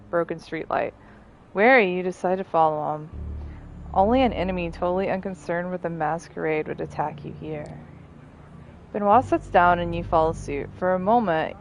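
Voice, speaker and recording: A woman narrating as game master of a tabletop role-playing game, in measured, descriptive narration. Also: on the low side, lo-fi sound.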